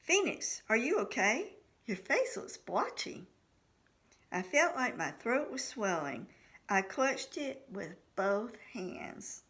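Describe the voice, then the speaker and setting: A woman's voice: medium pitch, very animated, slow pace, a bit bright. A woman reading her own novel aloud in the first person, voicing the dialogue of each character. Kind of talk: audiobook narration.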